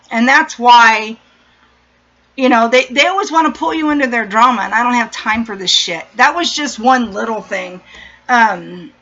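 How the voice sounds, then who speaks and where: A woman's voice: fairly high pitch, bright, forceful tone. A middle-aged woman from San Diego telling a story in casual, blunt, profane chat. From San Diego, USA. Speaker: vlogger. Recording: dull lo-fi recording.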